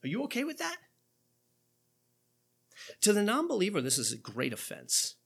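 Animated preacher with a husky voice. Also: male voice, on the high side, moderate pace, long pauses. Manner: animated preaching, rhetorical questions, quoting scripture. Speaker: pastor. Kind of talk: sermon.

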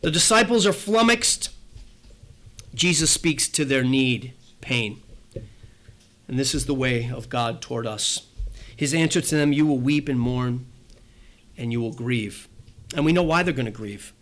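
A man's voice: medium pitch, animated, measured pace, pauses often, fairly bright tone. A man preaching a sermon as pastor, talking in a conversational way, repeating phrases and acting out little asides.

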